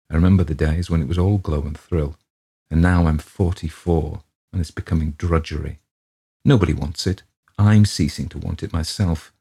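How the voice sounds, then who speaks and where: A weary male writer in his forties, tired of his craft and prone to grumbling, as a man reading the story gives him voice. The voice sits deep and dark with a husky edge. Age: 40s. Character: weary middle-aged male writer, petulant.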